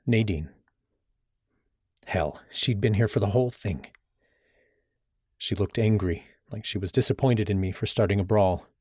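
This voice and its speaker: Low-voiced male audiobook narrator. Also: a little mellow, no room sound, studio quality. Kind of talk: first-person fiction narration.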